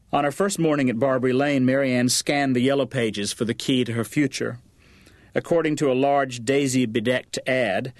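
A man narrating a novel as an audiobook, in an even, measured way. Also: mid-range voice, dry recording, clean studio sound. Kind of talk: scripted narration.

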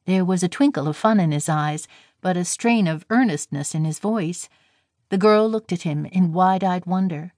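A woman reads an audiobook novel in a measured, even manner. Her voice sits low for a woman, and the recording is close and dry with no room sound. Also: no room sound. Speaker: audiobook narrator. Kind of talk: scripted narration.

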